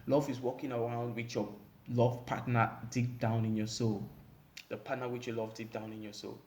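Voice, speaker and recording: A man's voice: mid-range voice, level tone, moderate pace, a little mellow, slight background noise. Rambling man giving relationship advice. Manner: rambling, many "you know" fillers, emphatic. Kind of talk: casual advice monologue.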